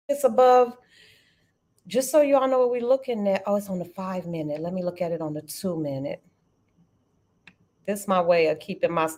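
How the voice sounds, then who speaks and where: Chatty woman hosting a trading livestream. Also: lowish voice. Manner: chatty, animated, keeps addressing viewers as y'all. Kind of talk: casual live-stream chat.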